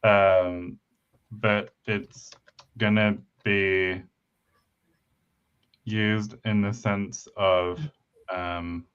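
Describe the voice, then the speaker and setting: A man talks slowly and haltingly, filling gaps with ums while he thinks aloud. His voice is low and smooth. The recording is a little dull and lo-fi. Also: little pitch movement, fairly bright tone. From United Kingdom. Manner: hesitant, many pauses and fillers. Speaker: podcast co-host. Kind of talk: casual chat about language building. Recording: slightly dull lo-fi mic.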